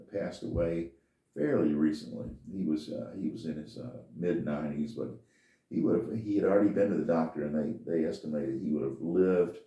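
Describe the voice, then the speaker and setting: An older man with a dark, bass voice hosts a podcast, telling a personal story in a folksy, plain-spoken, meandering way. He sounds distant from the mic in an echoey room.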